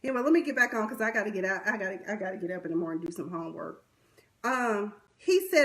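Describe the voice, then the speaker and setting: A young woman vlogger talks quickly and animatedly in a medium-pitched, fairly bright voice. Her commentary recap is blunt, sassy, and exasperated, packed with slang and asides, and recorded through a webcam or phone mic on a livestream.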